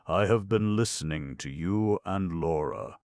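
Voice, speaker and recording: A man's voice: deep voice, unhurried, darkish tone, dry recording, studio quality, voice pushed up. A man voicing a reserved husband who speaks formally and earnestly, in an audiobook.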